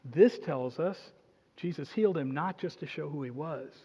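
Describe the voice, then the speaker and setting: A man preaching a sermon as pastor, animated and jokey, acting out quotes in funny voices. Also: a little high, moderate pace, slightly rough. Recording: dull sound, long hall reverb.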